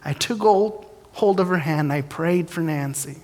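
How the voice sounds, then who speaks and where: A man's voice: fairly high pitch, a little slow, a little mellow. A man giving a storytelling sermon, candid and self-deprecating, acting out his prayers and the dialogue in his story. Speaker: preacher giving testimony. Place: church sanctuary. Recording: long echo of a large hall.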